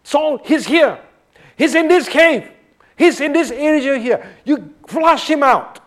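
Guy doing urgent messenger to the king, high pitch, pushy. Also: lively intonation, slow, exaggerated voice. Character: man urging Saul to flush out a fugitive.

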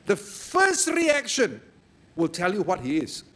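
A man preaching a sermon, telling stories in a lively way and breaking into sudden loud exclamations. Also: high-pitched, slow pace.

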